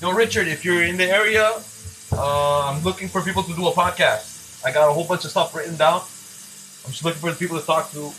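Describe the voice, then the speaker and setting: Male live streamer, chatty and joking, slightly high voice, kitchen setting. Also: quick pace, pushed and bright, slight background noise. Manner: joking, rambling, laughs a lot. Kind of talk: casual live-stream chat. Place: home kitchen.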